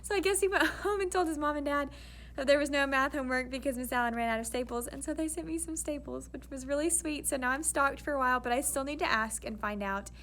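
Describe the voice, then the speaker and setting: A woman's voice: sits high, quick pace, a bit bright, slight background noise. A young woman, an elementary school teacher talking in a casual, chatty vlog and laughing often.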